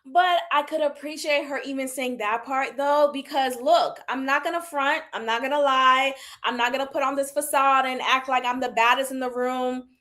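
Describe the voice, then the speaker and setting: A woman in her thirties giving candid, animated commentary on a reality show and laughing often. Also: high voice, moderate pace, few pauses. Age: 30s. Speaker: reality TV reviewer. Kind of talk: casual commentary.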